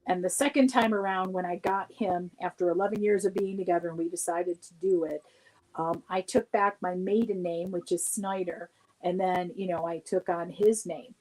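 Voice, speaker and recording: Woman guest, casual livestream storyteller, laughs often, animated. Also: lowish voice, moderate pace, poor audio.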